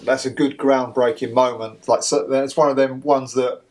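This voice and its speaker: Guy hosting a podcast, lots of yeah yeah, normal pitch, a bit far from the mic. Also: steady tone, a little mellow. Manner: agreeable, quick backchannels and follow-up questions. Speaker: podcast host. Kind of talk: casual interview chat.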